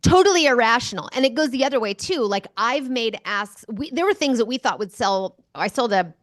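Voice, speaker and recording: A woman guest on an interview show, answering questions as an enthusiastic, animated storyteller. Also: fairly high pitch, fairly quick, dry recording, clean studio sound. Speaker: guest speaker. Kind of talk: conversational interview.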